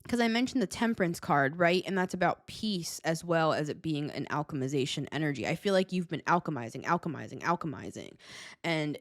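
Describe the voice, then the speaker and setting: A woman's voice: deep voice, lively intonation, brisk, no room sound, studio quality. A woman giving a casual tarot reading, chatty and blunt, swearing freely and laughing often. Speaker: tarot reader.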